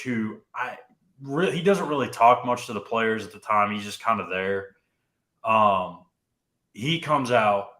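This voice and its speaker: A man's voice: medium pitch, pushed and bright, roomy sound. A young man co-hosting a sports podcast, telling a story casually and often saying "dude" and "like". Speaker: podcast co-host.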